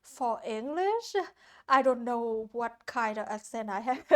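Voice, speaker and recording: This art streamer from Hanoi, a native Vietnamese speaker, chats casually with viewers while painting, often restarting and hunting for words. Her voice is on the high side, animated, and slow. Soft lo-fi music plays behind her.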